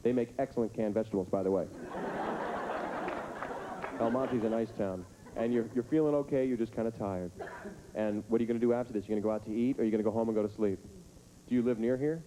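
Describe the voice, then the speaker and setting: A male stand-up comedian teasing audience members with rapid, absurd riffs on a theater stage. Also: on the low side. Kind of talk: stand-up comedy with crowd work. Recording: noisy live stage recording.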